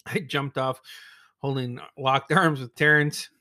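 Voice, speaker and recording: A man's voice: mid-range voice, fairly even intonation, slow pace, bright, forceful tone, dry recording, studio quality. A man telling a childhood story in casual chat, swearing freely, laughing often and acting out his friends' voices. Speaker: podcast co-host.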